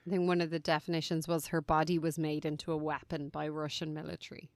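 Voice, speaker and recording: A woman co-hosting a podcast in casual chat, talking in a thoughtful, drawn-out way with many fillers. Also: low voice, little pitch movement, a little mellow, dry recording. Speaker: podcast co-host.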